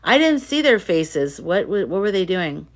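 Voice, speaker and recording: Woman, livestream host, casual chat, fairly low voice, emphatic, repeats phrases. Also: sing-song, normal speed. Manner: chatty, emphatic, repeats herself. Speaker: livestream host reading viewer comments.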